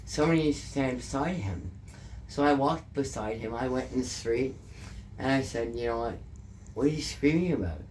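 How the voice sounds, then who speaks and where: A woman's voice: rumbling low, steady tone, moderate pace, a little mellow, a little hiss or hum. A woman with a Canadian accent, telling an emotional story in a casual interview, swearing often and repeating herself. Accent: Canadian English.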